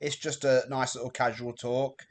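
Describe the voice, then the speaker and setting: A man's voice: medium pitch, little pitch movement, normal speed. Hesitant man hosting a casual podcast. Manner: hesitant, many fillers and restarts. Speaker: podcast host.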